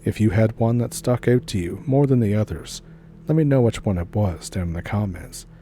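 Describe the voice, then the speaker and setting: Guy reading creepy stories, low mellow voice, steady, faint hum behind. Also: normal speed. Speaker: story narrator, channel host. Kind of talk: scripted first-person horror story narration.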